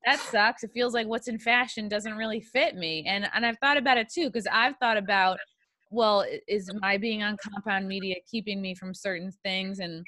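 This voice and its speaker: Bright-voiced woman hosting a podcast. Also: mid-range voice, moderate pace. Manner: candid, opinionated, talks it through with fillers. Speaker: podcast host. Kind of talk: casual podcast chat.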